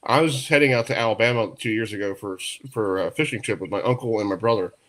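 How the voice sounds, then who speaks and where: A man from New York hosting a sports talk radio show, telling stories in a lively, laughing way. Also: lowish voice, fast. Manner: storytelling, animated, laughs often. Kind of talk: casual radio chat.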